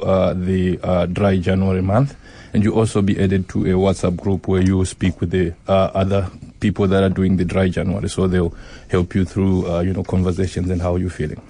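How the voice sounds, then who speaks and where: Man, very deep and flat, mellow, plain explainer. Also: no room sound.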